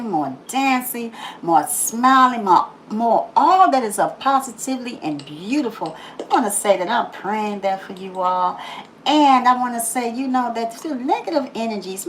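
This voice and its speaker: A woman hosting a daily positive-message video, talking casually, laughing often and repeating phrases for emphasis, then softening into slow prayer. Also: on the high side, slight background noise, rough recording. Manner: drops to a soft, slow prayerful tone. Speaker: YouTube host giving a daily positive message. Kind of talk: casual inspirational monologue.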